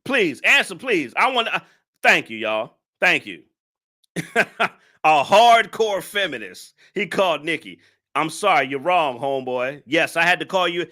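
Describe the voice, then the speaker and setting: A man's voice: on the high side, very animated, measured pace, sharp tone. A man hosting a live stream reaction, talking to his chat in a mocking, laughing way.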